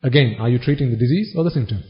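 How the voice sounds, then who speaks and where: A man preaching a Buddhist sermon at a mid pitch, putting question after question to his listeners and answering each one himself. He slips into rapid Pali chanting now and then. The recording is dull and lo-fi. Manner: chants Pali phrases quickly. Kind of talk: dharma talk sermon.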